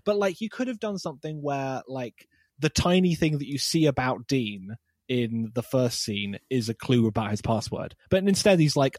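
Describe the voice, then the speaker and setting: A man co-hosting a podcast, chatting in a sarcastic, animated way. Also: medium pitch, no room sound, studio quality. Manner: sarcastic, animated, quick to mock. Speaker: podcast co-host. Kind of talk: casual chat.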